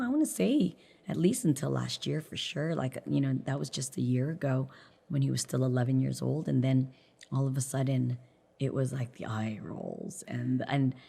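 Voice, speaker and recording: Low, gravelly woman chatting candidly. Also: brisk, warm tone. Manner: candid, chatty, laughs often. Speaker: podcast guest. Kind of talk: casual chat.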